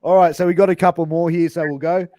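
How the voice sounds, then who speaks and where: A man's voice: a little high, little pitch movement, fast talker, warm tone, dry recording. A man with an Australian accent hosting a casual interview over a video call, laid-back and full of slang, laughing easily. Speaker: podcast host.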